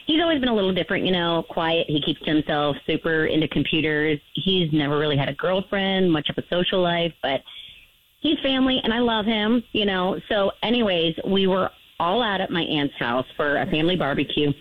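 A woman's voice: on the low side, brisk, no room sound. A woman in her late twenties calling in to a radio show, rambling and apologetic, crying as she talks. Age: late 20s. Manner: rambling, apologetic, close to tears. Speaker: caller. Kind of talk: radio call-in confession. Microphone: phone. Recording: tinny phone line.

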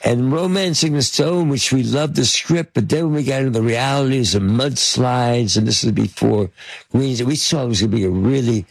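Older male guest, husky gravelly storyteller, dry close sound. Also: mid-range voice, normal speed, no echo. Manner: rambling, with many fillers, restarts and acted-out quotes. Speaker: interview guest, film producer. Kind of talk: casual anecdotal storytelling.

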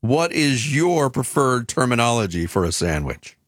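A male sports radio host with a mid-range voice, measured and analytical as he breaks down the game. He is recorded close and dry in a studio. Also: mid-range voice, big pitch swings, fairly bright tone, no echo. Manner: measured, analytical, joins in banter. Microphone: studio microphone.

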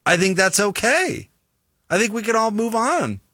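A man's voice: sits high, moderate pace, no echo, clean studio sound. A man with a Utah American accent, hosting a sports radio show in casual, chatty talk. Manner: chatty, self-deprecating, animated storyteller.

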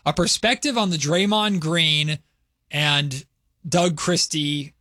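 A man's voice: fairly high pitch, bright, forceful tone, no echo, clean studio sound. A man co-hosting a sports radio show, chatting casually and poking fun at himself. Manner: chatty, self-deprecating, quick to apologize.

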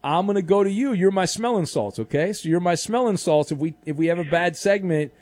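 A man's voice: sits high, a little fast, no room sound. Upbeat male sports radio host. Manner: jokey, animated, teasing. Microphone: studio microphone.

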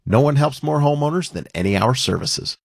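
A man's voice: animated, a little fast, creaky, dry recording, studio quality. A man reading an upbeat radio advertisement for his company's services. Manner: upbeat sales pitch. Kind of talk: radio ad read.

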